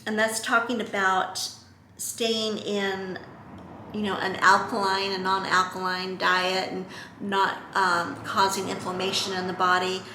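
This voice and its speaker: A middle-aged woman talks casually to her camera in a chatty, earnest way, full of ums and little restarts. Her voice is bright and forceful. The room around her is echoey, with faint ambient noise behind. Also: mid-range voice, little pitch movement, unhurried. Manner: chatty, earnest, lots of fillers. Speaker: vlogger.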